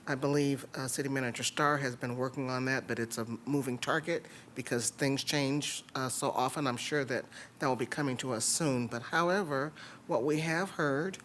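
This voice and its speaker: Matter-of-fact councilman, higher voice. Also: fairly bright tone, a little hiss or hum. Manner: plain, matter-of-fact with fillers. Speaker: city council member. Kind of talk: council meeting remarks.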